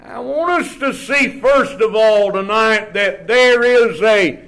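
A man preaching a sermon in a church in a folksy, drawn-out way, often dropping to a low murmur. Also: a bit bright.

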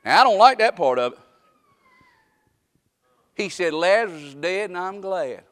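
Male preacher, high bright tenor, homespun sermon with shouted peaks. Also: lively intonation, normal speed. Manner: folksy Southern preaching, rising to shouts.

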